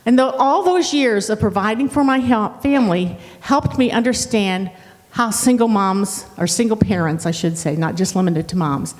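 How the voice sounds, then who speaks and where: A woman pastor giving a reflective church talk, speaking haltingly with restarts. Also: mid-range voice, darkish tone, big-room sound. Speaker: guest pastor.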